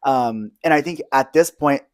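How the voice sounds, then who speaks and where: A man in his twenties co-hosts a casual podcast, telling stories with candid, profane energy. He leaps into high, squealing impressions of himself mid-story. The sound is close and dry, at a middling pitch for a man. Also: moderate pace, dry recording. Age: 20s. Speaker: podcast co-host. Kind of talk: casual chat.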